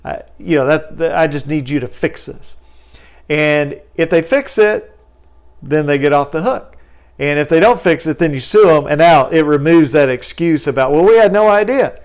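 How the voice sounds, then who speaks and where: Man explaining debt lawsuits in a lively, slightly raised voice. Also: on the high side, moderate pace. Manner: lively storytelling, acts out phone calls in a raised voice. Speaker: consumer bankruptcy lawyer. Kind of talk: casual explanatory talk.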